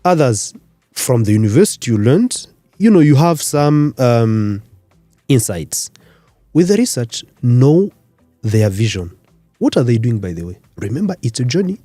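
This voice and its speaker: A man from Rwanda, a career expert guest on a radio interview, explaining in numbered points with lively emphasis. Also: medium pitch, a little slow, no echo, faint music behind. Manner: animated, lecturing in numbered points. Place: radio studio.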